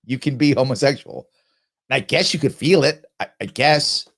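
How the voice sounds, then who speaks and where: A middle-aged man hosting a live stream, thinking out loud as he answers quiz questions, often stopping to rephrase himself with a laugh. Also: medium pitch, animated, normal speed. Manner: musing aloud, frequent self-interruptions and laughs. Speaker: show host.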